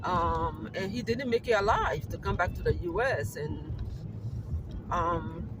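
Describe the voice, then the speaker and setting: High-voiced Liberian man vlogging from his car. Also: a little slow, background noise. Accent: Liberian English mixed with American. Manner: earnest, rambling, full of "you know" fillers. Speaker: YouTube vlogger. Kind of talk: casual vlog talk while driving. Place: in a car on a windy, sunny summer day.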